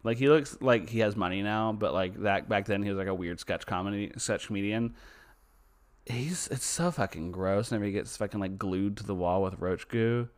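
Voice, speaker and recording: A man's voice: on the low side, normal speed. A man co-hosting a podcast in casual chat, swearing freely and trailing off mid-thought. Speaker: podcast co-host.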